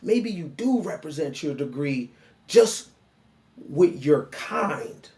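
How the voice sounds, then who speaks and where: High-voiced man lecturing mockingly. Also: sing-song, slow, a little mellow. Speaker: online commentator. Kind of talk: reaction commentary monologue.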